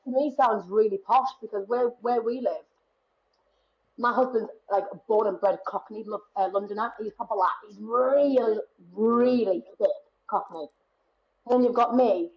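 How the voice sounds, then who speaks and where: A Northeast English woman in her late thirties talks as a podcast guest, animated and quick to laugh. Her voice sits a little high for a woman. The recording is slightly muffled. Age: 30s. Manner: chatty, animated, laughs often. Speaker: guest performer. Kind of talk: casual podcast chat.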